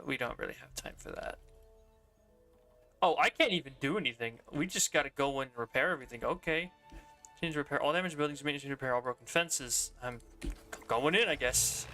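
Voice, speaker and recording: A man's voice: mid-range voice, moderate pace, pushed and bright, faint music behind. A young man streaming a video game, chatting casually and rambling, often laughing. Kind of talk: casual gameplay commentary.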